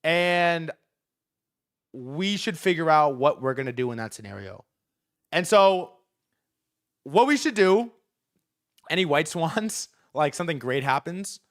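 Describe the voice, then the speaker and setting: A young man hosting a casual livestream about markets, talking in an excitable, profane and rambling way with lots of fillers. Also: fairly high pitch, measured pace, pauses often. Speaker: livestream host.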